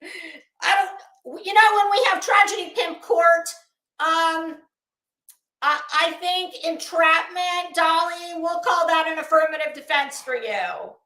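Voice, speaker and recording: Sassy high-voiced woman ranting. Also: pushed and bright, echoey room. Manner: sassy, exasperated, drawn-out emphasis. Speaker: YouTube commentary host. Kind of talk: casual commentary rant.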